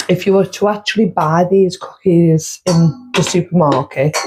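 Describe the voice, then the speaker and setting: A woman hosts a casual baking vlog from her home kitchen, speaking in a fairly low voice at an unhurried pace. She chats her way through each step and tallies up the costs as she goes. A faint background hiss sits under the recording. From United Kingdom. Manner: chatty, counts out costs step by step. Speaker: baking vlogger.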